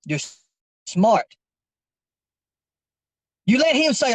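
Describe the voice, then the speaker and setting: A man's voice: sits high, expressive, normal speed, no room sound, poor audio. A man in a heated confrontation, insistent and preachy, repeating his questions over and over.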